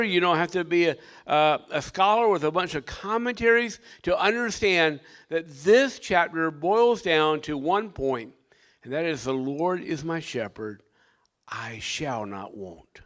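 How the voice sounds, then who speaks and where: An older man, a pastor, delivering a sermon with dynamic preaching that swings from loud emphasis to hushed tones. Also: sits high, dry recording.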